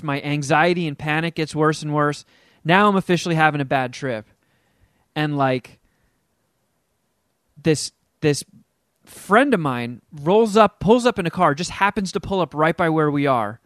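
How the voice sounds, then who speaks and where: A man's voice: measured pace, no echo. Man telling a wild story in a dry room. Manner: animated, acts out quotes with big pitch jumps. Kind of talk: casual storytelling in a podcast chat.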